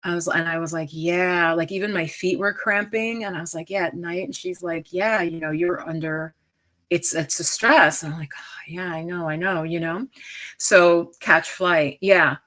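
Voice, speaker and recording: A woman's voice: fairly low pitch, steady tone, normal speed, sharp tone. A middle-aged woman from the United States giving a chatty, emphatic live-streamed talk on stress as a wellness coach. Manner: chatty and emphatic, frequent asides and restarts. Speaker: stress coach and yoga teacher.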